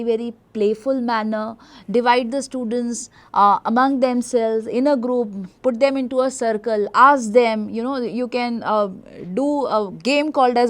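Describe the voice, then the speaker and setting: Casting: woman teacher trainer, a bit high-pitched, explains patiently with "you know" fillers. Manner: explanatory, repeats "you know" and "uh", stresses words by doubling. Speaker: teacher educator.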